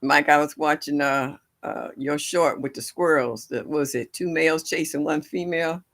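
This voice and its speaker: A woman's voice: low voice, moderate pace, gravelly, a bit bright. An older woman hosting a gardening livestream from home, chatting and laughing with her viewers in a chatty, folksy way. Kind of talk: casual chat with live viewers. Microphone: livestream setup.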